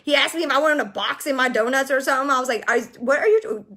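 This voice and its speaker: A young woman telling a story casually to her viewers, animated and exasperated as she vents. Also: sits high, rapid-fire, slight background noise. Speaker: vlogger.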